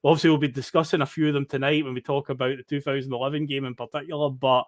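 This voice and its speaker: A man's voice: mid-range voice, little pitch movement, very fast, no room sound, clean studio sound. A Scottish man hosting a football podcast, chatty and upbeat, often laughing. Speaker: podcast host. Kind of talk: casual football podcast chat.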